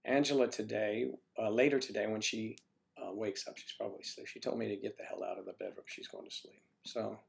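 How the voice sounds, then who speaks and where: A man's voice: lowish voice, expressive, brisk, creaky. Coughing man chatting on a livestream. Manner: rambling, chatty, joking with the chat. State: has a cough. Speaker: livestream host. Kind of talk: casual livestream chat answering viewers. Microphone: microphone on a stand he keeps adjusting.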